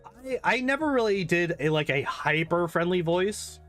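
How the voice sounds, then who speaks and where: A man's voice: high-pitched, expressive, normal speed, fairly bright tone, faint music behind. A man chatting casually and rambling while playing a game, swearing freely and laughing often. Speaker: gaming streamer.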